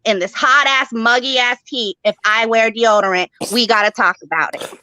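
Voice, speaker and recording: A woman's voice: fairly high pitch, moderate pace, pushed and bright, dry recording, rough recording. A young woman doing a stand-up set, profane, rambling and brash. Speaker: stand-up comic.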